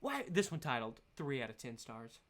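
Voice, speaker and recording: A man's voice: medium pitch, sing-song, normal speed, a bit bright. A young man hosting his solo podcast in a casual, rambling rant, laughing often. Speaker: podcast host.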